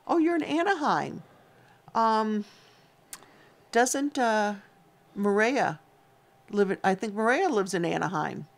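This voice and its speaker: Her medium-pitched voice is expressive, with vocal fry, a slow pace and long pauses. She's co-hosting a casual homestead livestream, reading viewer comments and names in a playful, talkative manner.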